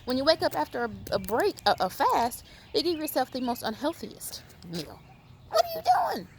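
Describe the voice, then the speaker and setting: A woman with a somewhat high voice scolds her audience in a lively vlog, her pitch swinging up and down. She stacks up rhetorical questions with emphatic repeats, and there is a faint hiss of noise behind her. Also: moderate pace. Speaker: video host. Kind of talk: animated lecturing vlog.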